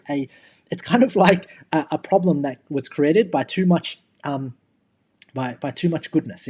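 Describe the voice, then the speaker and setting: A man's voice: on the high side, dark tone, husky. A man in his thirties, a podcast co-host, talking casually and with energy, often repeating words as he thinks aloud. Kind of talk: casual chat.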